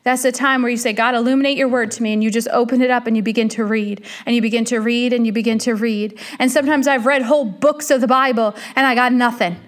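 High-voiced woman preaching a sermon. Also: steady tone, fast, hardly any pauses. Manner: earnest, repetitive, addresses listener as friend.

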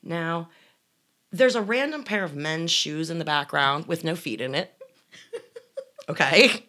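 A woman's voice: deep voice, expressive, measured pace, sharp tone. A woman from the Pittsburgh area co-hosting a casual chat, telling a story with incredulous sarcasm.

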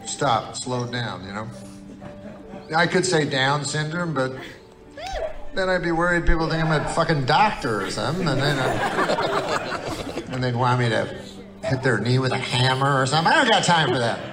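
A man telling a long, meandering joke in a dry, deadpan way. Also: mid-range voice, normal speed, long pauses. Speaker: comedian. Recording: music playing underneath. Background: music.

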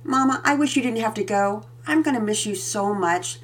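A woman voicing an excited, affectionate young girl in a storybook reading, with a high, eager voice. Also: normal speed, distant mic, natural voice. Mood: sad.

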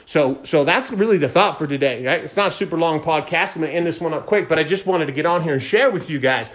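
A man hosting a podcast, fast-talking and fired up, giving a motivational monologue and repeating phrases for emphasis. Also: on the high side. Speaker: podcast host.

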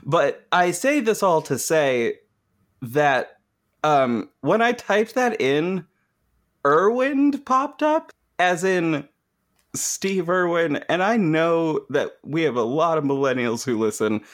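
Laughing, swearing podcast host. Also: male voice, a little high, takes it slowly. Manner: laughs often, swears freely, animated storytelling. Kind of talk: casual chat.

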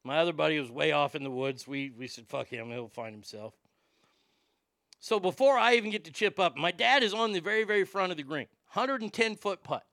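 A man tells a profane, animated story in a casual tone, laughing now and then. His voice sits a little high, with a gravelly fry and a bright, sharp edge, and it sounds dry and close to the mic. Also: fast, few pauses, no room sound.

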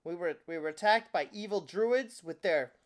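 A man's voice: high voice, moderate pace, crowd noise, lightly acted. A man voicing a suspicious, agitated vineyard owner in a cloak, answering in short, defensive questions. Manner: curt, terse, defensive questions.

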